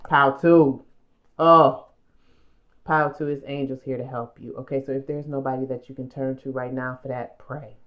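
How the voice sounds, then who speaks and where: Low-voiced woman giving a tarot reading. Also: fairly even intonation, normal speed, dull audio. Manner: emotional, repetitive, addresses viewers directly. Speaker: tarot card reader. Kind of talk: pick-a-card tarot reading. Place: home room.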